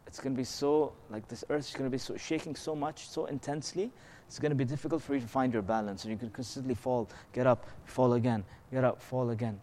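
A man leads a relaxed scripture lesson in an easygoing, explanatory way. He keeps tossing out rhetorical questions and checking in with a quick "okay?" to keep his listeners with him. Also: mid-range voice, slight background noise. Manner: slips into melodic Arabic recitation of verses. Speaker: religious teacher.

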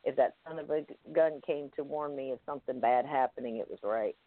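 A guest in an interview tells a first-person story in a halting, vivid way, full of restarts and fillers. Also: mid-range voice, dry recording. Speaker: guest recounting an experience. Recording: tinny phone-line sound, dry.

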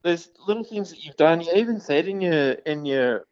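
Man playing a cheeky rambling caller, lively delivery, dull dry phone sound. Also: on the high side, moderate pace, no room sound, close to an everyday voice. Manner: rambling, giggly. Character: cheeky male caller named Steve. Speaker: prank caller. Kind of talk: comedy phone-in bit.

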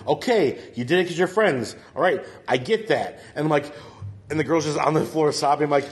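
A man's voice: a little high, brisk. A man telling a rambling story to friends in casual chat, laughing often and filling with "like". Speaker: storyteller on a comedy podcast.

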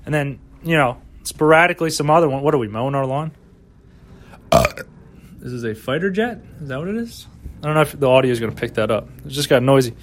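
A man's voice: medium pitch, animated, fast talker, a little hiss or hum. Rambling profane podcast guy. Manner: rambling, profane, mock pep talk. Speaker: podcast host. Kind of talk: casual solo podcast monologue.

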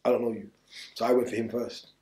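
A man's voice: medium pitch, little pitch movement, fast talker, mellow. Blunt man, echoey room. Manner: street slang, blunt and rambling. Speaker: interview guest. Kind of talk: candid storytelling interview.

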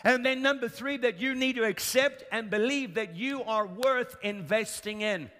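A man preaches at a moderate pace in a very high voice with a sharp tone. Emphatic and repetitive, he keeps calling for the congregation's responses, and the long reverb of a large hall surrounds him.

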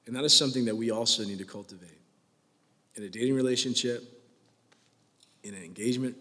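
A man's voice: medium pitch, quick pace. Young male pastor, twenties, chatty and jokey sermon delivery, mid-range voice, long reverberant hall sound. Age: 20s. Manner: joking, conversational preaching with rising excitement.

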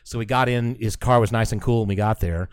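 Excitable man telling a story. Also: fairly low pitch, fairly quick, clean tone, no room sound. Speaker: podcast co-host. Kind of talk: casual storytelling chat.

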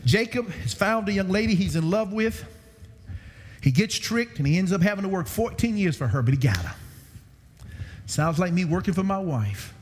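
Animated male preacher in a reverberant hall. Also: normal speed. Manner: animated preaching with sudden pitch swings. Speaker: guest preacher. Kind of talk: sermon. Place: church sanctuary.

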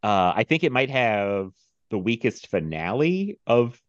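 A man's voice: lowish voice, unhurried, no echo, highs cut off. A man hosting a casual movie podcast, telling stories with lots of laughs and mimicking people. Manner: animated storyteller, mimics people, laughs often. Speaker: podcast host.

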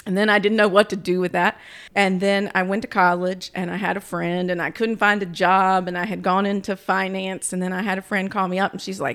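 A woman's voice: medium pitch, fairly quick, clean tone. A woman in her forties with a North Carolina country accent, a political consultant telling stories in a casual interview. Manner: chatty, storytelling, animated asides.

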